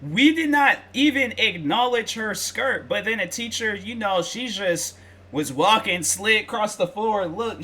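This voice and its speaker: A man's voice: sits high, animated, moderate pace, pushed and bright. A young man hosting a reaction video, talking casually in slang with lots of fillers and rambling stories.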